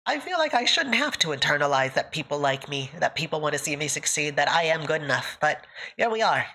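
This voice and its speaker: Her voice is low, sing-song, bright and forceful, and she talks a little fast. This woman streamer chats casually with her live audience, close to tears with emotion and laughing frequently between thank-yous.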